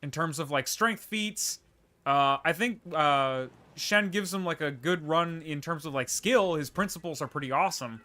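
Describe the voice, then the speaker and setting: A man's voice: on the high side, moderate pace, pushed and bright. A man streaming a video game live, chatting casually, laughing often and answering viewer questions as he plays. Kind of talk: livestream gameplay commentary and chat replies.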